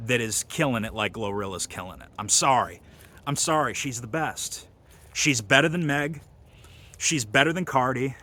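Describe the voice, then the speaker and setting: A man talks through a rambling, crude comic monologue, full of fillers and deadpan boasts. His voice is bright and a little sharp-edged. He sounds like he is hosting his own video. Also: on the high side. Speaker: comedy video host.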